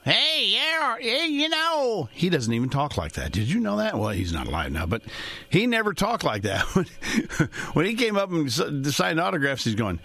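A man's voice: medium pitch, huge pitch swings, brisk, gravelly, fairly bright tone, husky. A man in the financial services trade hosting a talk show, rambling in a folksy way with chuckling asides. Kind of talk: casual monologue.

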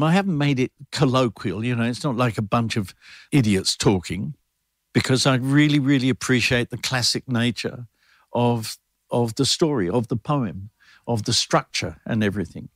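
A man's voice: mid-range voice, normal speed, no room sound, clean studio sound. Thoughtful man rambling with fillers. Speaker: guest performer and adapter of a classic poem. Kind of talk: radio interview.

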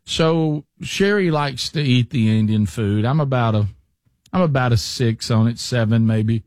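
A man's voice: medium pitch, unhurried, a little mellow, dry recording. A middle-aged man hosting a radio show, reading a sponsor spot and telling rambling stories with many restarts. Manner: chatty storyteller, frequent restarts and fillers. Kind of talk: casual talk radio chat and live ad read.

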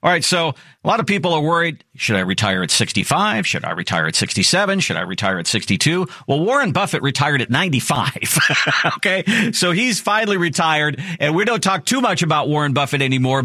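Man, radio host, bright forceful voice, animated pitch. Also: dry recording, studio quality. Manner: upbeat and promotional, with a lively pitch. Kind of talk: talk radio ad read and chat.

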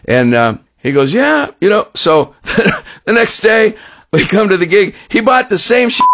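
Older male radio host, slightly high voice, loose chatty storytelling. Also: sing-song, a little slow, fairly bright tone. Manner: rambling, laughs at own stories. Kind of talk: casual radio show talk.

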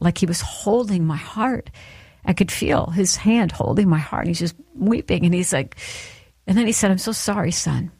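A woman's voice: fairly low pitch, a little mellow, slightly rough, dry recording. A woman giving an earnest, encouraging devotional talk that speaks straight to the listener. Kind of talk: sermon-style devotional talk.

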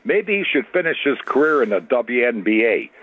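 A man's voice: mid-range voice, sing-song, brisk, slightly rough. A man calling in to a radio show and giving a sarcastic opinion. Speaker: caller. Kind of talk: call-in opinion. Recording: tinny phone line.

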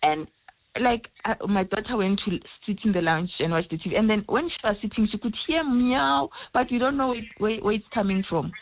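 A middle-aged woman calling in to a radio show, talking slowly and haltingly and repeating words. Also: medium pitch. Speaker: caller. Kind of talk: phone-in radio call. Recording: tinny phone line.

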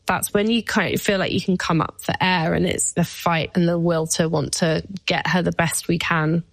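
A woman in her thirties talks openly as a guest, her voice sitting on the low side. She drops in casual fillers, and the close recording has no room sound. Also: steady tone, moderate pace, vocal fry, no echo. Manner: open and emotional, speaking with many "like" fillers. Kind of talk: candid personal conversation.

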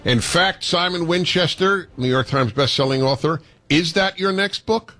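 A man's voice: a little high, moderate pace, a bit bright. An American man hosting a radio talk show, jovial and chatty, laughing often.

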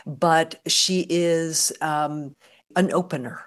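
A woman's voice: low voice, steady tone, takes it slowly. An older woman professor, a guest on a radio interview, answering in a thoughtful, articulate academic manner.

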